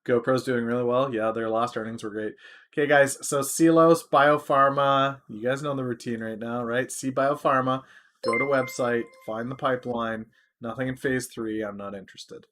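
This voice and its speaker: Male live-stream host, casual, loose, talks to chat, average pitch. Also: moderate pace, a bit bright, a little hiss or hum. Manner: rambling, answers chat, restarts often. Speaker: stock market streamer.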